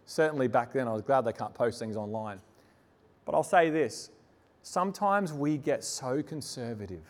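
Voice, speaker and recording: A man's voice: a little high, long reverb tail. A man preaching a sermon as a pastor, telling personal stories with earnest, emphatic repetition.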